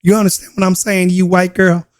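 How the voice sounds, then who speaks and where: A man's voice: high-pitched, level tone, brisk. A man hosting a reaction video who talks casually and animatedly, breaking into laughter and mocking asides.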